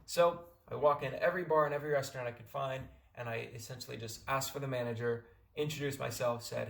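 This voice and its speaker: A man's voice: mid-range voice, fairly even intonation, fast talker, gravelly, few pauses, a bit bright, echoey room. A young American man from California giving casual, rambling advice in a vlog. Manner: rambling, many restarts and fillers. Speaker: vlogger.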